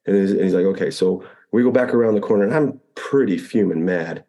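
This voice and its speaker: A man with a fairly low, mellow voice tells an old combat flight story in a relaxed interview. He acts out the radio calls as he goes and often restarts his sentences. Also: brisk. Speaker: Apache pilot telling a war story.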